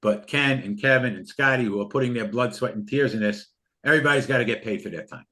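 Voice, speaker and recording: An older man with a mid-pitched voice pushes a trading course hard. He repeats his points and talks from the heart, sounding both pushy and sincere. He is heard over a video call. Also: fast talker, bright, forceful tone. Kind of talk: live online class sales pitch.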